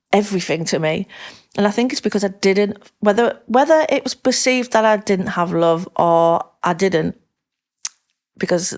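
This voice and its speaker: Woman, Northern English accent, middle-aged, lowish pitch, rambling candid chat, podcast guest. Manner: rambling, candid, laughs easily. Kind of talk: casual interview chat.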